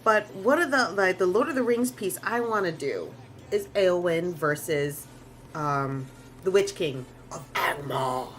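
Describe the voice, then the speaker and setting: A woman's voice: fairly low pitch, expressive, a little slow, a bit bright, a little hiss or hum. A woman artist chatting casually on a live stream as she draws, rambling, restarting sentences and swearing freely. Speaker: artist streaming while drawing.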